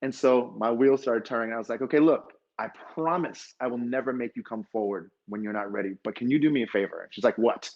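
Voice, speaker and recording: A man's voice: medium pitch, fast, hardly any pauses, darkish tone, lo-fi sound. A man, a fitness dance instructor, telling an emotional story at a conference and acting out the dialogue.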